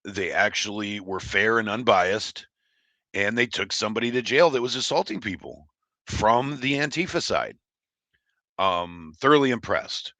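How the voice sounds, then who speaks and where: A man's voice: fairly low pitch, expressive, a little slow, bright, forceful tone, no echo. A man from Oregon hosting a livestream, chatting casually and reading chat in a rambling, blunt, profane way. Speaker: livestream host.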